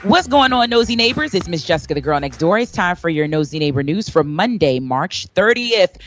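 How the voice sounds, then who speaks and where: A woman's voice: lowish voice, faint music behind. A woman hosting a chatty entertainment news segment on the radio. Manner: lively, chatty, quick with a laugh.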